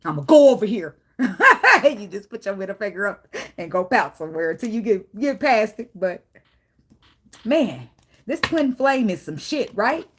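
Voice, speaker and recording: A woman's voice: medium pitch, measured pace. Blunt, profane woman reading tarot. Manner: blunt, profane, animated, talks straight to the viewer. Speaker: tarot reader. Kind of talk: casual tarot reading monologue.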